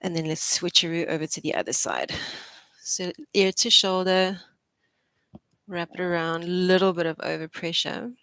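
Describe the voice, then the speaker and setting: A young woman physiotherapist coaches a live posture class with upbeat, chatty cues and easy laughter. Her voice sits a little low for a woman. The sound is close and dry, with no room echo. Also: normal speed, fairly bright tone, smooth. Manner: encouraging, chatty, laughs often. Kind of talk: live exercise class instruction.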